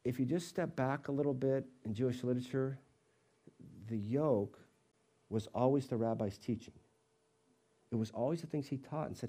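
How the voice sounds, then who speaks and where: Mellow-voiced man preaching a sermon. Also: medium pitch, moderate pace, long pauses. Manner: expressive, acts out quoted voices. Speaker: pastor of a college fellowship.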